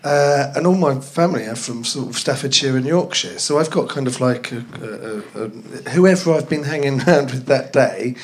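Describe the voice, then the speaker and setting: A man's voice: mid-range voice, normal speed, hardly any pauses. A young man from North London chatting casually in front of a live audience, rambling and poking fun at himself. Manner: rambling, self-deprecating, laughs at own jokes.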